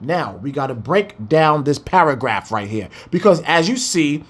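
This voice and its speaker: Impassioned man preaching a scripture breakdown, animated and swinging in pitch, with rhetorical questions. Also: moderate pace. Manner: fiery, exclaiming, rhetorical questions, swearing.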